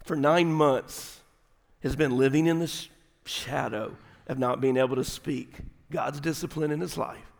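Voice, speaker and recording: Folksy pastor in a reverberant hall. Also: male voice, medium pitch, measured pace, gravelly. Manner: folksy, animated storytelling with sudden drops to quiet, intimate delivery. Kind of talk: sermon. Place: large church sanctuary.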